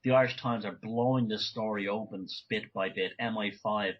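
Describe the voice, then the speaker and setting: Husky-voiced man, rambling on a muffled line. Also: lowish voice, fairly even intonation, normal speed. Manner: rambling, frequent restarts and self-corrections. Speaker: interview guest. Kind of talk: remote conversational interview.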